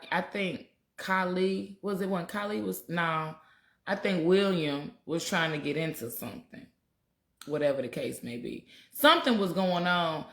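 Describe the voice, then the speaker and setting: A woman talks casually and bluntly to her livestream viewers, swearing freely. Her voice sits on the low side. The room around her is roomy and echoey. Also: fairly bright tone. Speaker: spiritual talk host.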